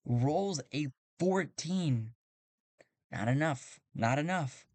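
A man's voice: on the high side, expressive, slow, darkish tone, no room sound. A man narrating his solo tabletop game as game master, casual and thinking aloud, correcting himself.

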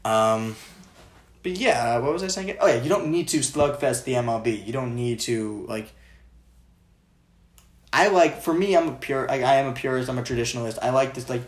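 A man's voice: medium pitch, normal speed. Rambling young man in a roomy echo. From Maryland. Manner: rambling, heavy on filler words. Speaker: podcast co-host. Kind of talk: casual sports chat.

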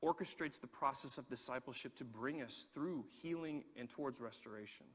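A man preaching a sermon, telling a personal story in an animated way and repeating words as he gets going. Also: mid-range voice, a little fast, slightly rough, in a large hall. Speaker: pastor.

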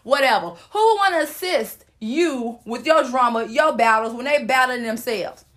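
A woman's voice: on the high side, moderate pace, a bit bright. A woman giving a casual, sassy motivational monologue with playful asides to her listeners. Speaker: host.

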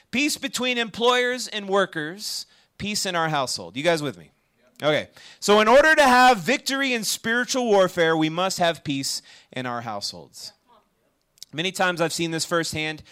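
This is a man preaching to a campus ministry crowd in a high-pitched, clean-toned voice. He's animated and chatty, regularly asking the audience questions to check in with them.

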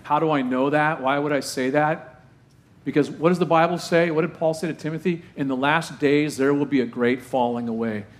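In a sermon, a pastor with a fairly high voice preaches from the pulpit, firing off rhetorical questions and repeating lines for emphasis. He uses dramatic pauses and slows heavily to drag out and drive home key phrases. Occasionally he slips in a self-deprecating joke.

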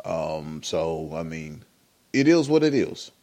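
A man's voice: a bass voice, very animated, takes it slowly, dark tone. A man hosting a podcast, giving rambling, opinionated commentary with many fillers. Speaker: podcast host. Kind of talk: casual commentary.

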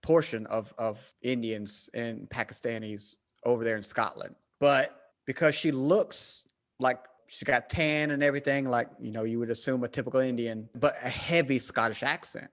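An American man telling stories in easy, casual conversation. He jumps into quoted voices with sudden energy and fills his talk with "you know". His pitch sits in the middle for a man. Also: moderate pace. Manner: animated storyteller, acts out quoted voices.

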